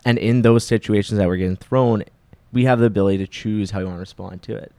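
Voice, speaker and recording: An earnest young man from Canada, speaking as a guest on a podcast. His voice sits low in pitch. His words keep circling back to encouragement, and the recording is dry and close, with no room sound. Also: fairly even intonation, quick pace, a little mellow, no echo. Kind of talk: casual chat.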